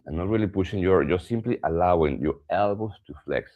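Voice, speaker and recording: A man teaching a guided yoga stretching session, giving calm cues and softly stressing key words, with some hesitant fillers as he explains. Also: sits low, a little fast, phone-quality sound. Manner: calm instructive cues, drops to soft emphasis. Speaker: yoga and somatic practice teacher.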